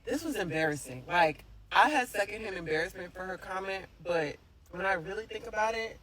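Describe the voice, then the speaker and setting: Man, high voice, wry, casual commentary, faint background noise. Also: animated, brisk, bright, forceful tone, low-quality recording.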